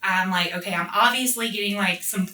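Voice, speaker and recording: A woman's voice: medium pitch, a little fast, bright, forceful tone. A woman being interviewed, telling a rambling story in casual chat, full of swearing and fillers like "like" and "you know". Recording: roomy echo, mic at a distance.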